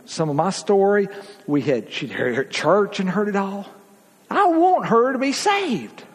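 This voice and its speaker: A man preaching in a folksy, emphatic way, his high husky voice leaping up and dropping low as he drives each point home. The sound rings with the long reverb of a church hall. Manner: folksy, emphatic preaching with big swings in pitch and loudness. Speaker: pastor. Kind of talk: sermon.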